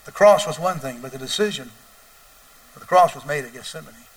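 Man recalling a gentle devout old woman. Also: on the high side, brisk, far from the mic, natural voice, poor audio. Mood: hushed, reverent. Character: elderly woman tour guest, gentle and devout.

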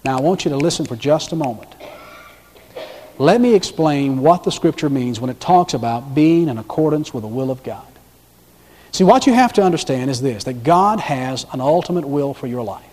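A man preaching a sermon, swinging from loud, emphatic lines to hushed, drawn-out ones. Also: medium pitch, animated, big-room sound. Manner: dramatic swings between loud emphasis and hushed, slow delivery. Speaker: pastor.

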